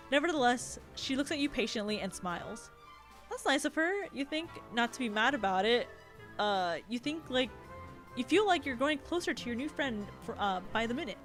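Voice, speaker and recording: Giggly woman streamer reading a game. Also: medium pitch. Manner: giggly, swears in asides. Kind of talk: reading a game aloud with commentary.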